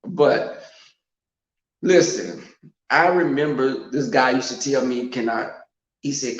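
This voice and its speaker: A man's voice: mid-range voice, a little slow, pauses often. A man hosting a casual live-stream chat, frank and sassy as he talks straight to his viewers. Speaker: host of a live online show. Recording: echoey, dull-sounding room recording.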